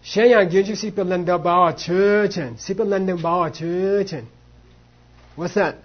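A husky, high-pitched man leads a class, acting out both sides of a debate and dropping in Tibetan phrases. The recording sounds dull and lo-fi. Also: moderate pace. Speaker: Buddhist philosophy teacher. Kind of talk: teaching a class on monastic debate.

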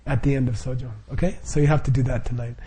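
A man's voice: medium pitch, steady tone, fast, warm tone, husky. A middle-aged man leading a Buddhist group, explaining the practice informally with frequent chuckles, fillers and restarts.

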